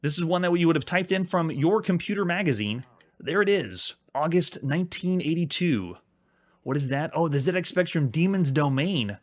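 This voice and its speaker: Male host, higher-set, very animated pitch; casual gameplay commentary, stumbles and restarts mid-sentence. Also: moderate pace. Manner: rambling, restarts words often while playing. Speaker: host reviewing retro games.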